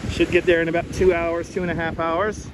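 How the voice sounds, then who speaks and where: A man's voice: on the high side, flat delivery, brisk. A man hosting a live walking stream on a beach, chatty and a little out of breath, greeting viewers by name over a clip-on mic. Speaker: livestream host. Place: outdoors on a windy beach. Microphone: wireless clip-on mic. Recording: wind noise on outdoor mic.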